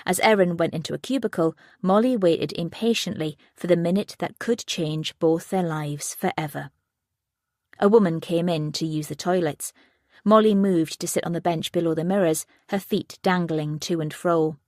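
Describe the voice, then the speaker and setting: A woman narrating a thriller audiobook in a steady, even reading voice. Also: fairly low pitch, normal speed, no echo, clean studio sound. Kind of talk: scripted narration.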